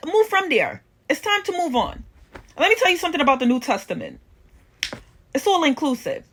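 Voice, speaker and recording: A woman with a high voice talks straight to her viewers in a preachy monologue. She is defiant and confrontational, and she hammers home her points by repeating phrases. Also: bright, forceful tone. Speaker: online commentator.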